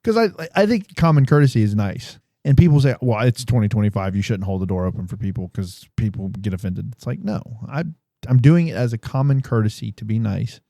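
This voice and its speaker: Gravelly, low-voiced man chatting. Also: fairly quick, dark tone, no echo, clean studio sound. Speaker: podcast co-host. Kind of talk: casual chat.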